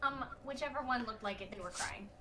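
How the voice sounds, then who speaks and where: A woman's voice: on the high side, fairly quick, noisy background. A woman playing in a tabletop game, throwing in sassy quips. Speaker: player.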